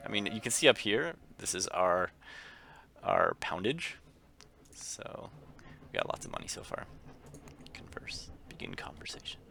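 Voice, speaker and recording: A man's voice: low voice, big pitch swings, moderate pace, gravelly, pauses often, sharp tone, whispered. A man streaming a text game, casually reading the story and chatting about his choices. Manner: casual, reads story then chats.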